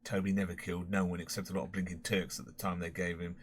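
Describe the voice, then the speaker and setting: A man's voice: deep voice, flat delivery, fast, breathy edge. A man voicing a boastful, rambling middle-aged London pub owner and former crook with a Cockney accent.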